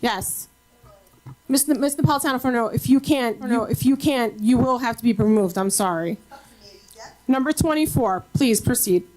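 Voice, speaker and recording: High-pitched woman, meeting chair; firm, calls speakers and keeps order. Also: moderate pace, darkish tone, low-quality recording. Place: school board meeting room.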